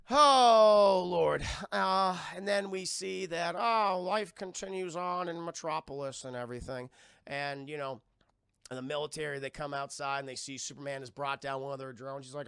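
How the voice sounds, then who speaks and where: Brief: young male streamer, bright gravelly voice, excitable and profane, dry close mic. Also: on the high side, moderate pace, dry recording. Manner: excitable, profane, acts out scenes in loud yelps. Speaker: film reviewer streaming live. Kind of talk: casual profane film recap.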